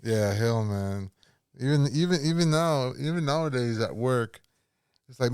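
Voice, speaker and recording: A man's voice: mid-range voice, lively intonation, a little slow, a little mellow, clear, resonant tone, dry recording, studio quality. A man, a former bouncer, chatting casually on a podcast, rambling and repeating his words, swearing often. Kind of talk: casual chat.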